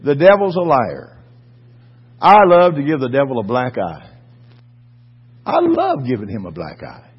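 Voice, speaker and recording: A man preaching a fervent sermon, swinging between quiet asides and loud exhortation. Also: medium pitch, huge pitch swings, normal speed, pauses often, slightly rough, dull audio. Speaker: pastor.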